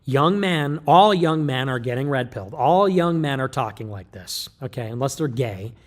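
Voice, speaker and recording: A man's voice: medium pitch, lively intonation, moderate pace. A man delivering an emphatic, lecturing livestream monologue, loose and joking in tone. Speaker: livestream commentator.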